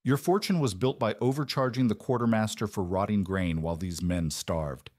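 A man doing a flat, clinical woman surgeon. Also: lowish voice, moderate pace, no room sound, studio quality, natural voice. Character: blunt, cold female field surgeon.

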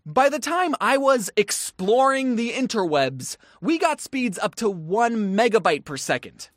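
This casual scripted commentary comes from a twenty-something creator with a mid-range voice, poking fun at themselves and tossing in playful asides. The recording is dry and clean, made in a studio.

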